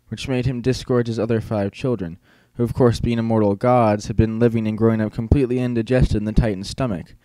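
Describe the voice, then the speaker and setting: A man voicing a stern, demanding older male teacher who lectures in a measured, formal way. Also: mid-range voice, mellow, no room sound, natural voice, rough recording.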